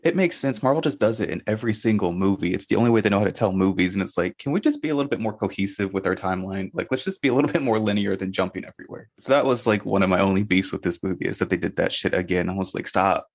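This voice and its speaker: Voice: deep voice, very fast, hardly any pauses, no echo, studio quality. A podcast co-host in casual chat about a movie, laid-back and opinionated, cursing casually.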